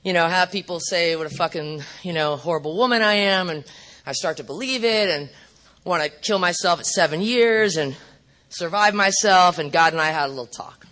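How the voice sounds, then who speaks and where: A middle-aged woman speaking at a recovery meeting, telling her story bluntly and profanely with animated asides. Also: lowish voice, moderate pace.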